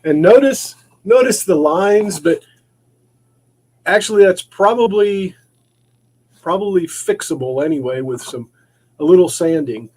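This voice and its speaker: A man's voice: high-pitched, expressive, unhurried, pauses often, darkish tone, slightly rough. A man hosting a casual livestream from his maker shop, rambling and often repeating and restarting his words. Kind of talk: casual livestream chat while working.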